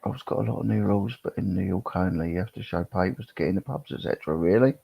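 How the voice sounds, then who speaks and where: A man's voice: low-pitched, quick pace, no room sound. A middle-aged man chatting casually on a live stream, rambling and reading chat comments aloud. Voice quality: gravelly, husky. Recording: dull, lo-fi sound.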